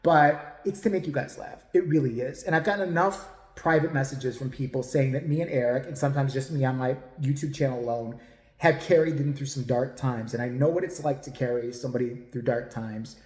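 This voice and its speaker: A man's voice: mid-range voice, a little fast, a little mellow, roomy sound, in a large hall. A man hosting a podcast, talking casually to viewers in a blunt, rambling, profane way. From United States. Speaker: podcast host.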